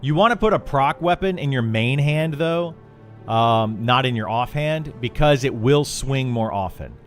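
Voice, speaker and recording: A chatty middle-aged man talks while he streams a game, wandering from topic to topic. He restarts his sentences and fills gaps with ums and uhs. Faint music plays quietly in the background. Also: mid-range voice, lively intonation, unhurried. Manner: rambling, chatty, with many fillers and restarts. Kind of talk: casual chat while streaming.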